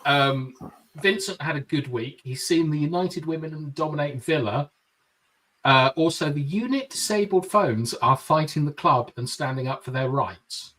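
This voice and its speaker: A man's voice: fairly high pitch, a little slow, pushed and bright, distant mic, poor audio. A man hosting a casual live football fan show, reading out viewer comments with jokey asides. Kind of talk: casual live-stream chat.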